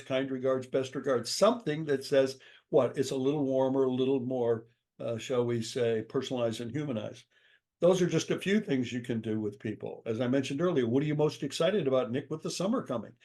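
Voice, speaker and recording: An older man, a guest author, answering in an interview with emphatic storytelling and acted-out dialogue. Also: medium pitch. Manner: energetic, emphatic, acts out quoted dialogue.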